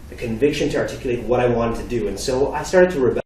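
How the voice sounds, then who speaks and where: A young man from Canada giving a storytelling talk, acting out dialogue with lively delivery. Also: mid-range voice, fast, slight background noise. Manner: animated, acts out dialogue. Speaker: speaker. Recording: echoey hall from far off.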